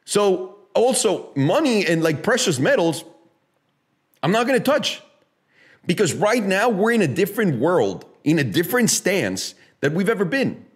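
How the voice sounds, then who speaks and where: Lively, profane, ranting man. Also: sits high, a little slow. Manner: profane, emphatic, sarcastic, rhetorical questions. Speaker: podcast host. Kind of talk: casual opinionated chat.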